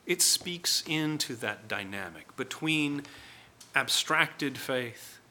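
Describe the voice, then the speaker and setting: A man's voice: mid-range voice, lively intonation, takes it slowly, pushed and bright, slight background noise. A man preaching a sermon in a conversational way, acting out voices in the stories he tells. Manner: conversational, acts out quoted voices.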